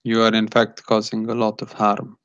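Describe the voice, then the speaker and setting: A man playing a cold, clinical male agent who speaks with eerie calm and no feeling, like a robot, in a tabletop game. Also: lowish voice, moderate pace, smooth, no room sound, dull audio, lightly acted. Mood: cold menace. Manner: eerily calm, flat, robotic delivery.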